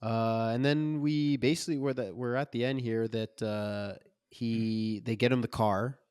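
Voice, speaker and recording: A man's voice: mid-range voice, fairly even intonation, measured pace, darkish tone, clear, resonant tone, no room sound, clean studio sound. A man co-hosting a podcast, talking casually and with energy about a film, using loose slang. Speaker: podcast co-host.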